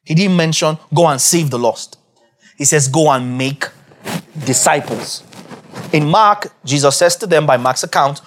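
Emphatic, higher-voiced male preacher. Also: unhurried, slight background noise. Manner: asks the audience questions, repeats key phrases for emphasis; swings from low, quiet asides to loud, high emphatic peaks. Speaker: preacher teaching on Scripture. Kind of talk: sermon-style Bible teaching.

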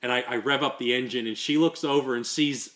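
A man's voice: mid-range voice, fairly quick, a bit bright. A man hosting a podcast, telling a long story in casual chat, repeating words and laughing as he goes. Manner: rambling, repeats words, laughs through stories. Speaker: podcast host.

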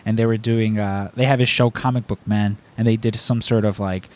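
A man's voice: on the low side, a little fast. A man hosting a podcast, telling a long story in casual chat, rambling and correcting himself as he goes. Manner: rambling, self-correcting, animated retelling.

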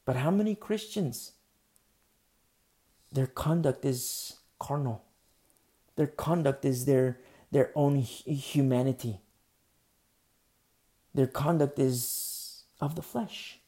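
A male pastor preaching a relaxed, conversational sermon, rambling with lots of fillers and restarts. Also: medium pitch, slow pace, long pauses.

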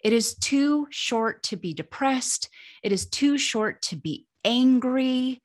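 A woman humor writer telling funny personal stories as an interview guest, lively and laughing, her voice jumping up when she reaches the punchlines. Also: high voice, takes it slowly. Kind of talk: animated storytelling in an interview.

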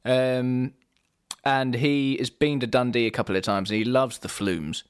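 A man co-hosting a casual podcast, chatty and playful, quick to laugh. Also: mid-range voice, fairly even intonation, clear, resonant tone. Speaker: podcast co-host.

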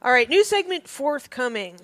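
A woman's voice: sits high, big pitch swings, moderate pace, fairly bright tone. A woman co-hosting a podcast, telling stories and teasing her partner in casual comic chat. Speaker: podcast co-host.

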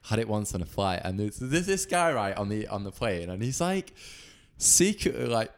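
A man chatting casually, rambling through animated anecdotes. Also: fairly low pitch, normal speed. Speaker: conversation partner. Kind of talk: casual chat.

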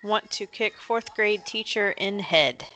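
Bright-voiced teasing woman co-host. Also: medium pitch, slow, poor audio. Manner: teasing, narrates on-screen action, laughs often. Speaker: podcast co-host. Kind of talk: casual movie watch-along chat.

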